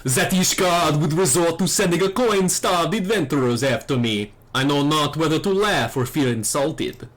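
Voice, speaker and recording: A man voicing an arrogant male dragoon knight in a shaky put-on French accent, declaiming loudly. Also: a little high, moderate pace, hardly any pauses, pitched above the performer's own voice. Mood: haughty. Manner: loud, theatrical declaiming.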